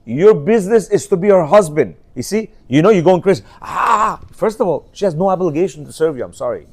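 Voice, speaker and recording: Emphatic high-voiced man teaching a class. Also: animated, a little fast, a little mellow. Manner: emphatic, repetitive, scolding. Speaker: religious teacher. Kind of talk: Torah class on marriage.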